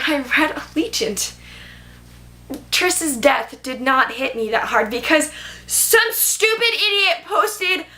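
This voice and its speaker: A teenage girl chatting casually about books in a vlog, animated and gushing, with lots of filler words. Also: high-pitched. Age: teens. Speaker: booktube vlogger.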